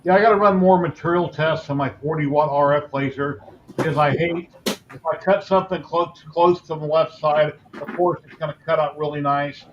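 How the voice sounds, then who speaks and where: A man's voice: fairly high pitch, fairly even intonation, normal speed, highs cut off, a little hiss or hum. A man hosting a casual podcast chat, explaining technical gear in a matter-of-fact way. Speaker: podcast host.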